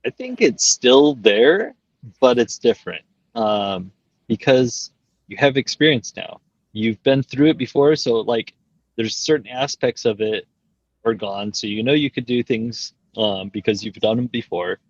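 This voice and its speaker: A man's voice: mid-range voice, expressive, a little slow, dry recording, highs cut off. A man speaking as a guest over a video call, reflective and hesitant, with many filler words. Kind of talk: casual conversation.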